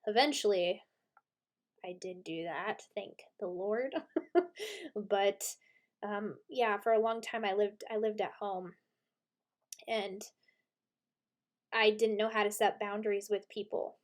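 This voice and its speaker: Gentle woman giving a tarot reading. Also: medium pitch, steady tone, slow pace, pauses often. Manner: gentle, reflective, sharing personal stories. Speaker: tarot reader.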